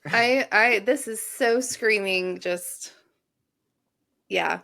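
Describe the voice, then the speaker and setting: A woman's voice: mid-range voice, drawn-out words, gravelly, fairly bright tone. A woman co-hosting a podcast in casual chat, reacting with short exclamations and remarks that trail off. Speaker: podcast co-host.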